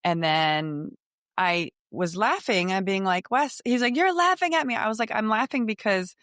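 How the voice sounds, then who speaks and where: A woman in her forties co-hosting a podcast, talking in a calm, questioning, self-deprecating way. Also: mid-range voice, unhurried, clear, resonant tone, no room sound, studio quality. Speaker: podcast co-host. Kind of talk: casual chat.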